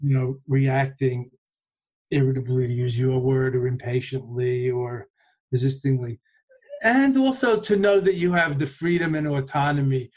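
A man in a reflective conversation, speaking in a measured, thoughtful way and often pausing to find his words. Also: medium pitch, a little mellow, poor audio.

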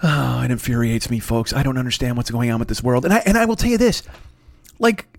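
A middle-aged man hosting a podcast, telling stories in a crude, swearing, animated comedic rant. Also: medium pitch, fast, gravelly, dry recording. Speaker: podcast host.

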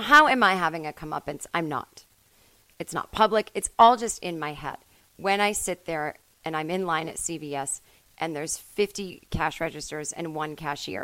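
A woman hosting a solo comedy podcast from home, rambling and self-mocking, with sudden loud bursts. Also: fairly low pitch, dry recording, low-quality recording. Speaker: podcast host.

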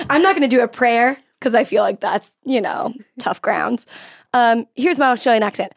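American girl hosting a podcast, kinda high voice, giggly, laughs at herself a lot. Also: expressive, normal speed, gravelly. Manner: giggly, self-mocking, laughs often. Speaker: podcast host. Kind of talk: casual chat.

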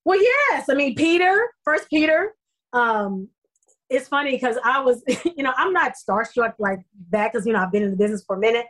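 Effusive middle-aged actress, higher voice. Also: female voice, moderate pace, poor audio. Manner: effusive, animated storytelling with many fillers. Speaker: soap opera actor, interview guest. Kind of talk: casual interview chat.

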